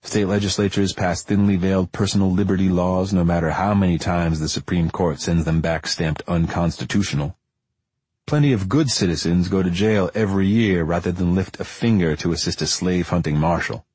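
Deep husky man narrating an audiobook. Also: darkish tone, no echo. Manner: measured, deliberate, dry storytelling. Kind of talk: first-person audiobook narration.

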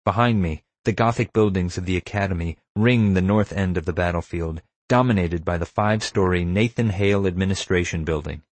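A man with a deep, low voice reads an audiobook in a wry, measured way. The recording is close and dry, with no room sound. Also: dry recording. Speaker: narrator. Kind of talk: audiobook narration.

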